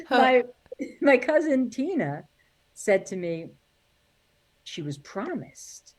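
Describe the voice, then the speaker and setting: A woman's voice: fairly high pitch, sing-song, slow pace, pauses often, a little mellow. A middle-aged woman, a singer and comedian, telling family stories in an interview, acting out relatives' voices and laughing often. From New York. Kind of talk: animated storytelling interview.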